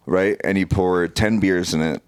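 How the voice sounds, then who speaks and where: A lower-voiced American man recounts a chaotic night out in loose, profane podcast chat. He keeps checking in with his listeners with "right?" and "dude" as he builds the story. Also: steady tone, moderate pace, smooth, no room sound. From United States. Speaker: podcast guest, former pararescue operator. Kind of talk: casual storytelling.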